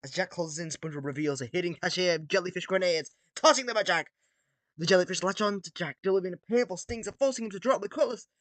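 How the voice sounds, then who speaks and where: A man's voice: high voice, lively intonation, quick pace, fairly bright tone, no room sound. A man casually reading an AI-written battle story aloud, stumbling over words and adding self-mocking asides. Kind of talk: casual read-aloud commentary.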